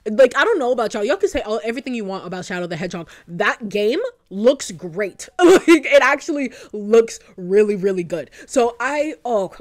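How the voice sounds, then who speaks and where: A woman's voice: medium pitch, lively intonation, normal speed, hardly any pauses. A young woman YouTuber giving casual fan commentary, gushing and rambling, often breaking into laughs.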